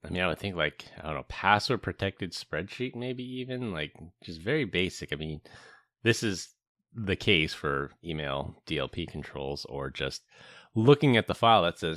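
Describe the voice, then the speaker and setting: A man co-hosting a casual tech-security podcast who explains things in a measured way. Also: deep voice, lively intonation, a bit bright, no room sound, clean studio sound. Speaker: podcast co-host.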